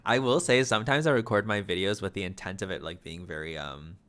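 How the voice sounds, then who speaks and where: Fast-talking low-voiced male streamer. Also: a bit bright, clean tone. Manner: stutters and mumbles, repeats words. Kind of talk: casual live-stream chat with viewers.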